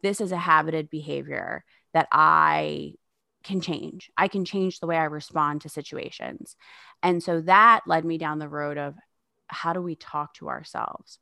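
A woman in her thirties speaks in a low, gravelly voice with plenty of fry. She talks frankly and sarcastically as a podcast guest and swears freely. The sound is dry and close. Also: pushed and bright, dry recording. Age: 30s. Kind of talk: candid podcast conversation.

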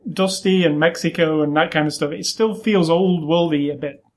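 A man co-hosting a podcast in relaxed, rambling, joking casual chat. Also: a little high, normal speed. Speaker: podcast co-host.

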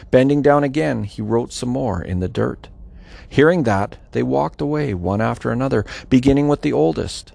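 Gravelly, lively male scripture reader. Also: medium pitch, moderate pace, no room sound. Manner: dramatic, varied delivery with voiced quotes. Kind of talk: expressive scripture reading.

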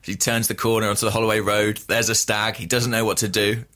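Bright-voiced deadpan man. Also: on the low side, fast talker. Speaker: podcast co-host. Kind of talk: casual chat.

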